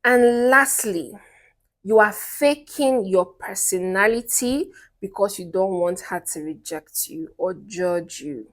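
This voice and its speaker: A young woman with a Nigerian accent gives blunt relationship advice straight to camera. She hammers her points home with repeated phrases and slips into chatty personal stories. Her voice sits at an ordinary middle pitch for a woman. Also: slow. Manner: emphatic and repetitive, breaks into anecdotes with laughs. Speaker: relationship coach. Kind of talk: direct-to-camera advice talk.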